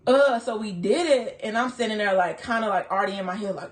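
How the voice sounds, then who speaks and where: A young woman telling a story to viewers, animated, quoting herself and saying "like" often. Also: mid-range voice, brisk, few pauses. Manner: animated, quotes herself, frequent "like". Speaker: co-host of a couple's channel.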